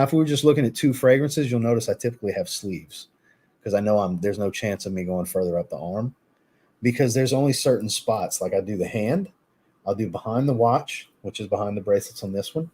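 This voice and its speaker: A man hosting a fragrance live stream, reviewing scents in relaxed, chatty talk and answering viewers' chat. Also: fairly low pitch, fairly quick, breathy edge.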